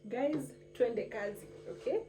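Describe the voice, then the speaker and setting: A woman hosts a casual cooking vlog. She talks in a chatty, playful way with a fairly high voice and slips words into her English. The recording is roomy and picks her up from across the kitchen, with clear background noise. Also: a little slow. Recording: echoey room, mic at a distance, background noise.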